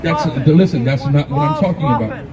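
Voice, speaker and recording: Casting: male street preacher, high lively voice, hard-edged and commanding, dull lo-fi outdoor recording. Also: brisk, a loud crowd. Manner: confrontational, commanding, calls for scripture readings.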